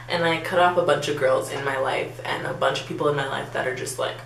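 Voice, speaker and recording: Young woman vlogger, chatty storyteller who acts out every quote, slightly low voice, echoey room with a faint hum. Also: brisk, vocal fry. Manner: animated, acts out quotes, many "like" fillers. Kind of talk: storytime vlog.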